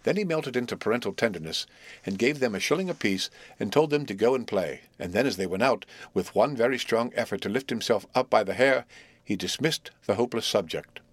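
A man reading a classic novel aloud as a narrator, with measured, expressive storytelling. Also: on the low side, no echo. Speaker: audiobook narrator.

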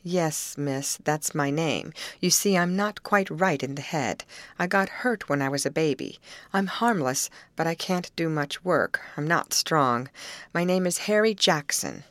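Timid backwoods youth, slow halting speech, low-pitched, dry read, by a woman narrator. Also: lively intonation, no echo. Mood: earnest. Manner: slow, hesitant, uneducated grammar. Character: simple-minded timid young man, halting.

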